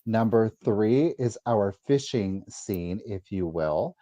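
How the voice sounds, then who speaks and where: A man's voice: fairly low pitch, lively intonation, takes it slowly, warm tone, no echo. A man hosting a live sale, carefully describing each item in detail. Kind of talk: livestream sales pitch. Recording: dull, dry lo-fi sound.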